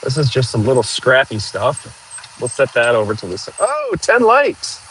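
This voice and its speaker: A man hosting a casual outdoor livestream, chatting and joking with viewers while clearing trees with a machine. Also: mid-range voice, steady tone, moderate pace, a bit bright, slight background noise, rough recording. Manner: chatty, jokey, talks to viewers while working. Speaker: livestream host.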